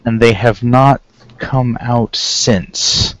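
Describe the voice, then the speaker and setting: A man voicing an older Oread councilman with cracked, stony skin who speaks formally and haltingly. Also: on the low side, gravelly, husky, dry recording, low-quality recording. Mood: grave.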